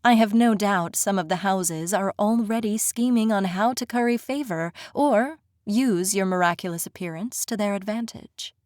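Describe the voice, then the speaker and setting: A composed fae queen , voiced by a woman reading an audiobook, speaks with measured, courtly formality. Her voice sits in a middle register. The sound is close and dry, with no room around it. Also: mid-range voice, a little mellow, dry recording, lightly acted. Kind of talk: audiobook character voice.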